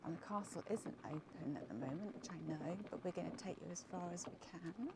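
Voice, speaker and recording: A woman's voice: lowish voice, a little fast. An English woman narrating a casual outdoor vlog from her wheelchair, chatty, often dropping to a murmur. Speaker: vlogger touring in a wheelchair. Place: outdoors on a quiet clifftop. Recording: noisy outdoor camera audio.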